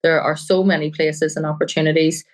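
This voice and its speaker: A woman's voice: low voice, level tone, brisk, poor audio. A woman journalist, a guest on a crime podcast, talking earnestly and often quoting people she met. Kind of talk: podcast interview.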